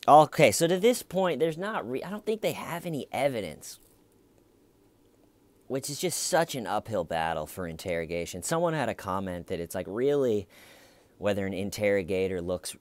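A man's voice: fairly low pitch, animated, moderate pace. A man giving casual true crime commentary, musing aloud in a wry tone with hesitant restarts.

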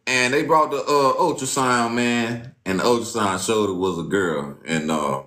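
A man giving an informal sermon, reading scripture aloud and talking in a casual, slangy way, swinging from loud exclamations to low muttering. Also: normal speed, roomy sound. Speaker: preacher.

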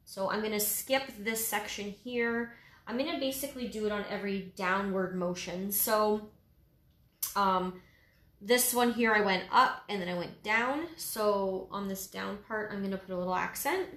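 A woman's voice: medium pitch, moderate pace, fairly bright tone. A woman giving a casual step-by-step painting tutorial, easygoing and full of little fillers. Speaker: painting instructor. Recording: roomy echo.

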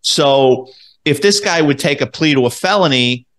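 A middle-aged man, a former police officer telling a story in a casual interview, animated and profane, acting out the dialogue. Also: medium pitch, moderate pace. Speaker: former police detective, guest.

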